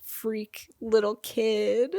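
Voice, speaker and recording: A woman's voice: on the high side, level tone, drawn-out words, warm tone. A young woman co-hosting a podcast in casual, playful chat, full of "like" and "um". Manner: playful, joking, lots of "like" and "um". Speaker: podcast co-host.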